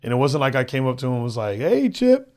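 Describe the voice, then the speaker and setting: Casually recounting something from his own life as a podcast guest, a comedian speaks haltingly, repeating words often and doing the voices of the other people involved. His voice sits at a typical male pitch.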